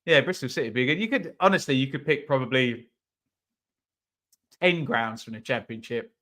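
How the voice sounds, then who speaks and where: A man's voice: mid-range voice, animated, moderate pace, pushed and bright. A man running a live football watch-along, chatting casually about the match and reading out viewer comments.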